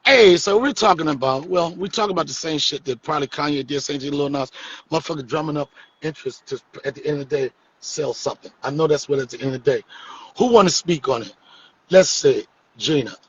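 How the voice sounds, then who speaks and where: A man's voice: fairly high pitch, fairly quick, highs cut off, slight background noise. A man hosting a live stream, joking and teasing his guests in casual, profane comedic chat.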